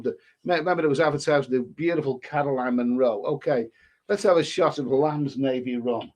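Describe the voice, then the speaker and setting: A man's voice: medium pitch, brisk, a little mellow. A man with a cold, rambling casually as a travel vlogger reading out viewer comments, with many restarts. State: stuffy with a cold. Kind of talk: casual live-stream chat.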